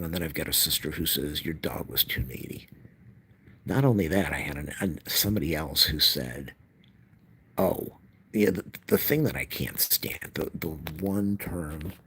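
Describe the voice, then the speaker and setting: A man's voice: very deep voice, sharp tone, breathy edge. A middle-aged man in an angry personal rant, heated and repeating himself as he recounts an argument.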